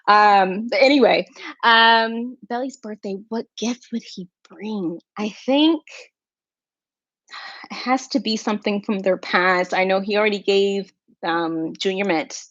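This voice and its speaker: A chatty woman hosts a home livestream, musing out loud to her viewers with plenty of ums and side tangents. Her voice sits at a middle pitch. The sound is dry and a little dull. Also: no room sound. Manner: chatty, thinking aloud with fillers and asides. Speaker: livestream host. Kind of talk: casual chat with viewers.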